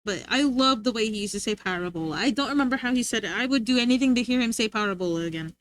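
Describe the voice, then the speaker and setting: A woman's voice: fairly high pitch, expressive, very fast, no room sound. A young woman livestreamer chatting casually with her viewers, rambling and often giggling.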